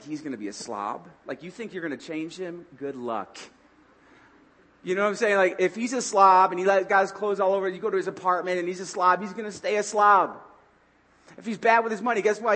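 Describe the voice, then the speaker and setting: Young male preacher, husky tone, chatty storytelling sermon. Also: high voice. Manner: animated, conversational, acts out his own lines. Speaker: pastor.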